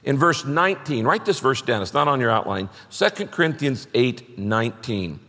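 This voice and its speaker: A man's voice: medium pitch, expressive, normal speed, sharp tone, in a large hall. A middle-aged man preaching a sermon, emphatic and repeating his key phrases as he reads scripture aloud. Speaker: pastor.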